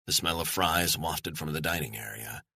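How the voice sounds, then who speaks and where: Very deep, crisp male audiobook narrator. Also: no echo. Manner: measured, steady storytelling. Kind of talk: scripted thriller narration.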